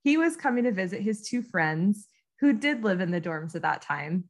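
Animated American woman telling a story. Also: mid-range voice, moderate pace. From United States. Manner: animated storyteller, frequent ums and laughs. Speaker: guest. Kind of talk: casual storytelling interview.

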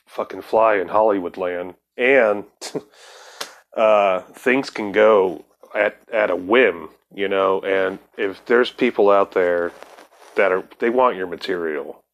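A man hosting a podcast with a lowish voice, talking in a laid-back, casual way. He swears easily and laughs often between his thoughts. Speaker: podcast host.

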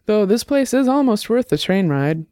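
A narrator voicing a calm male investigator in an audiobook, asking questions in a wry, probing way. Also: medium pitch, moderate pace, no room sound, studio quality, pitched above the performer's own voice, close to an everyday voice. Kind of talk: audiobook character reading.

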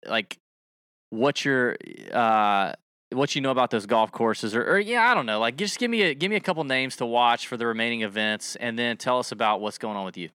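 A man's voice: medium pitch, a little fast, bright, forceful tone, clean tone, no echo, studio quality. A man hosting a casual interview who jokes and laughs easily with his guest. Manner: loose, joking, laughs easily. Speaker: podcast host.

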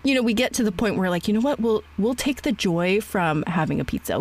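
A woman hosting a podcast in casual conversation, frank and animated, laughing often and swearing lightly. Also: mid-range voice, a little fast. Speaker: podcast host.

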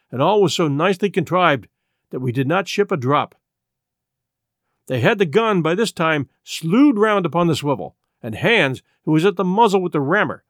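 Male audiobook narrator, measured and even, light-pitched voice, dry close sound. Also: no room sound. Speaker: audiobook reader. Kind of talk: scripted narration.

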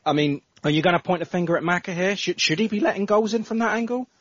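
A man's voice: sits high, quick pace, no room sound. A man co-hosting a casual football podcast, ranting in exasperation and swearing often. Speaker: podcast co-host. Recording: dull lo-fi podcast audio.

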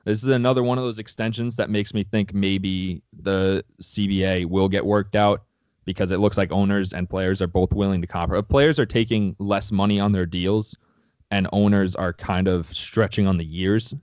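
A man's voice: fairly low pitch, fairly even intonation, normal speed, a little mellow, no room sound. A man co-hosting a casual sports podcast, talking in a profane, heated way. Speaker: podcast co-host. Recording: dry, slightly dull sound.

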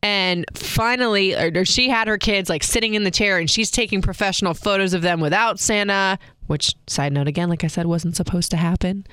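A woman's voice: medium pitch, brisk, few pauses, a bit bright, clean tone, dry recording, clean studio sound. Chatty young woman telling a story. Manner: chatty, wry asides, acts out quotes. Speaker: vlogger, mother. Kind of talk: casual storytime.

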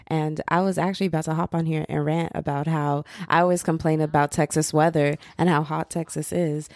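Low-voiced young woman, rambling podcast chat. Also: a little mellow, no echo, studio quality. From United States. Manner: rambling, slangy, chatty, laughs easily. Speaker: podcast host. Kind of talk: casual solo podcast chat.

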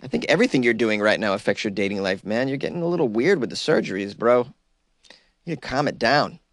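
A man's voice: mid-range voice, lively intonation, quick pace, creaky, dry recording. A male talk radio host riffs on the news in a wisecracking, chatty way, laughing at his own jokes. His voice sits in a plain middle range and is recorded dry and close on a studio mic.

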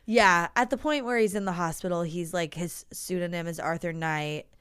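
Podcast co-host, woman, chatty and animated, crisp clean voice. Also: lowish voice, normal speed. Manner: chatty and animated, heavy use of "like". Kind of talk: casual chat.

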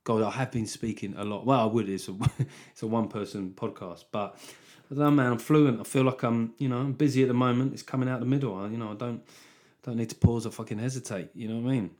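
A man's voice: mid-range voice, fairly even intonation, fast, darkish tone. A man from Britain hosting a solo podcast, rambling and swearing with a wry, casual tone. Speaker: podcast host.

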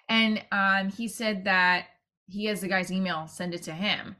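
A woman's voice: mid-range voice, lively intonation, moderate pace, sharp tone. A woman talks on her own podcast in a loose, conversational monologue. She jumps between thoughts, restarts her sentences and adds side remarks as she goes. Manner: chatty and rambling, with many restarts and asides. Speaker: podcast host and actor-comedian.

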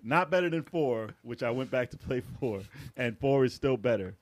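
A man in casual podcast chat, telling relaxed stories about video games and quoting his own past reactions. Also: medium pitch, normal speed. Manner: laid-back storytelling, quotes his own past reactions. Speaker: podcast guest or co-host.

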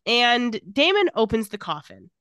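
A woman's voice: fairly high pitch, sing-song, unhurried, fairly bright tone, clear, resonant tone, no echo, studio quality. A woman co-hosting a podcast, casually retelling scenes from a TV episode and quoting the characters' lines as she goes. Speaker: podcast co-host recapping a TV episode. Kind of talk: casual chat.

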